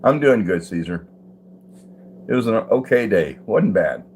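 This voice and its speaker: A man's voice: lowish voice, big pitch swings, a little slow, darkish tone, a little hiss or hum. An older man hosting a casual live stream at home, greeting viewers by name and chuckling easily. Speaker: livestream host. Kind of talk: casual live chat reading comments. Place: at home, indoors.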